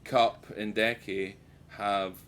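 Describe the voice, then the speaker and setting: A man's voice: fairly low pitch, level tone, slow pace, fairly bright tone. A man streaming a game and chatting casually, swearing freely and poking fun at himself. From United Kingdom. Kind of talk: casual live-stream chat while gaming.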